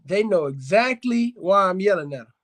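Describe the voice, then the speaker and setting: Talking to viewers as "fam" and "y'all," this dog breeder hosts a laid-back dog-advice show, bluntly repeating things for emphasis. His voice is high-pitched, animated and a bit bright, at a moderate pace.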